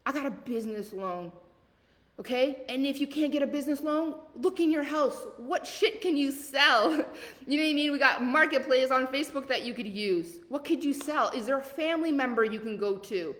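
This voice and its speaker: A woman with a Southern accent coaches a live group call with blunt, rapid-fire encouragement. Her voice carries a long reverb, like a hall. She keeps asking questions and answering them herself. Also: sits high, fairly bright tone. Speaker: leadership coach.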